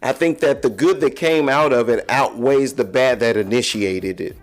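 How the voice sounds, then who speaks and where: Male podcast host, mid-pitched, frank confessional monologue over faint music. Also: moderate pace. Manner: candid, confessional, talks straight to listeners. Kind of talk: casual solo podcast monologue.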